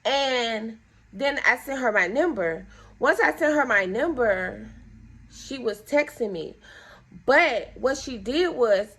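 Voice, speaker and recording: A woman's voice: a little high, slow, breathy edge. A young woman telling a story time to her viewers in a casual, indignant way, acting out both sides of each exchange. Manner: animated, acts out both sides of conversations; indignant, exasperated.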